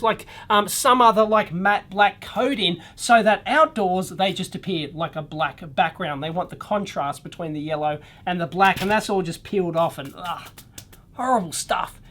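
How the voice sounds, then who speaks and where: An Australian woman of middling pitch talks her way through a hands-on teardown in casual, unscripted commentary. She is blunt and excitable, with lots of exclamations and loose fillers between her thoughts. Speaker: electronics vlog host.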